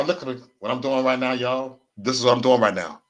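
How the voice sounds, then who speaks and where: A man's voice: mid-range voice, a little fast, a bit bright. Rambling, slangy man on a livestream. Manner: rambling, repetitive, slangy and profane. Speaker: livestream host. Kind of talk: casual livestream rant.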